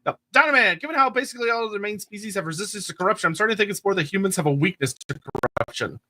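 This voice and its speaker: A man's voice: high voice, expressive, very fast, background noise. A chatty, agreeable man co-hosting a casual podcast discussion and reading out listener messages. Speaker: co-host of a lore podcast.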